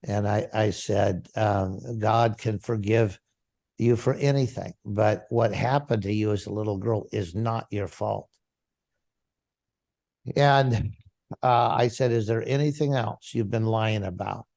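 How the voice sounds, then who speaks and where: A man's voice: on the low side, slow, creaky, darkish tone. A man, a pastor, telling a personal story in an interview and acting out the dialogue vividly.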